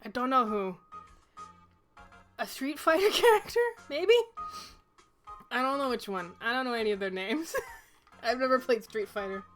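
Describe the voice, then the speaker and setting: A woman's voice: on the high side, lively intonation, moderate pace, long pauses, a bit bright, faint music behind. A woman chatting casually and giggling as she live-streams a game.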